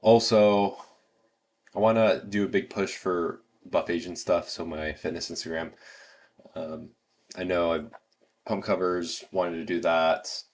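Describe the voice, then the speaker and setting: A man's voice: deep voice, steady tone, measured pace. A man with an American accent hosting a casual livestream, rambling with lots of fillers and restarts. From United States. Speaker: livestream host.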